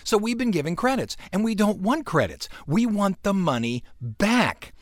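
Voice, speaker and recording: A man's voice: high voice, sing-song, moderate pace, no room sound, studio quality. A middle-aged man hosting a radio show, chatting casually and telling stories with sound effects and mock indignation. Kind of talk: casual on-air chat.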